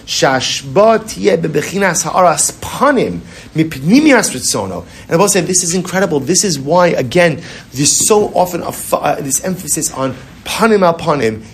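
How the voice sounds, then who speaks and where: A man's voice: fairly high pitch, slight background noise. A man teaching a Torah class in a conversational way, repeating phrases, asking rhetorical questions and mixing Hebrew terms into English.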